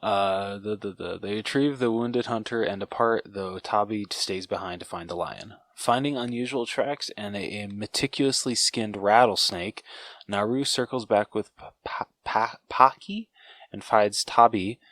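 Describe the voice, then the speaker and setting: A man's voice: fairly low pitch, unhurried, fairly bright tone. A young man co-hosting a podcast, casually recapping a film's plot, stumbling over names and swearing at himself. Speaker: podcast co-host.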